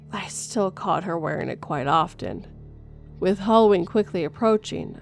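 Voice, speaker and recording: A woman reading a first-person horror story in a steady storytelling voice, going gentle for a mother's lines. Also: medium pitch, gravelly. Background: faint music.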